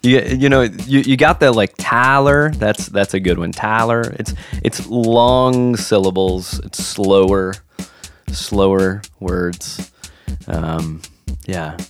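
A man's voice: sits low, steady tone, slow pace, soft background music. A man from Nashville with a Tennessee accent, co-hosting a casual podcast chat, joking and laughing easily. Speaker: podcast co-host.

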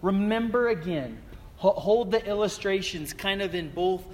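A man preaching a sermon as a pastor, telling stories in a relaxed, conversational way with lots of fillers. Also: sits high, moderate pace, in a large hall. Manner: conversational storytelling with many fillers.

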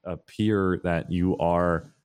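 A man with a low, deep voice chats casually as a podcast co-host. He tells his stories with gusto, leaping up into a high register to act out the scenes. The sound is dry and close. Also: slow, clear, resonant tone, dry recording. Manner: animated storyteller, voice jumps high when acting out scenes. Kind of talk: casual chat.

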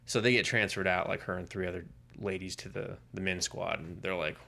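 A man co-hosting a casual podcast, retelling a story with lively, acted-out quotes. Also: low-pitched, brisk, vocal fry. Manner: animated storytelling, acting out quoted lines. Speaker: podcast co-host. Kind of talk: casual comic book podcast chat.

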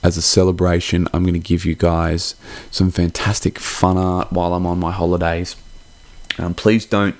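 A man's voice: low voice, level tone, moderate pace, darkish tone, dry recording. A young man hosting a podcast. He gives a casual, heartfelt holiday sign-off that rambles and swears freely. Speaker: podcast host.

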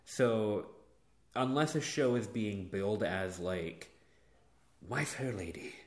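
A man in casual chat with his sister, joking in a deadpan way while recording at a coffee shop. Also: lowish voice, takes it slowly. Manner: playful, deadpan jokes. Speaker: podcast guest. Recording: echoey room.

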